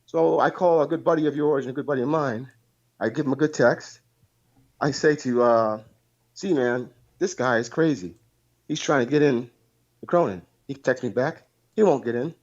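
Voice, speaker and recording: A man's voice: medium pitch, normal speed, highs cut off. A man calling in to a live talk show, telling a long story in a rambling, profane way over a call line. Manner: rambling, profane, repeats himself. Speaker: caller.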